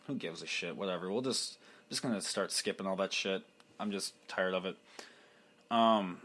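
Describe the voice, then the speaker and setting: A man's voice: fairly low pitch, fairly bright tone. A young man hosting a solo podcast, rambling crudely with lots of swearing and laughter, slipping into mocking impressions. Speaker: podcast host.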